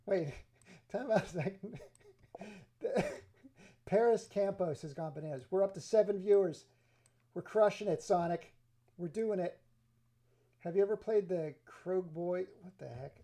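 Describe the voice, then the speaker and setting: A man live-streaming, rambling excitably to his chat viewers with frequent laughs. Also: high voice, creaky. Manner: excitable, scattered, talks to chat, laughs often.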